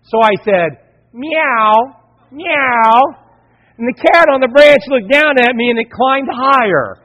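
A man's voice: very high-pitched, animated, normal speed, a bit bright. A pastor, a man, preaching a sermon and telling a folksy, jokey personal story. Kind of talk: sermon with a humorous personal anecdote. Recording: dull recording with long hall echo.

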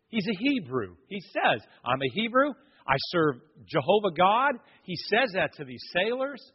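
A man's voice: high voice, husky. A man preaching a sermon, telling a personal story and acting out the other people in it. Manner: storytelling, animated, acts out voices of others. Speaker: pastor. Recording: dull lo-fi audio in a long-reverb hall.

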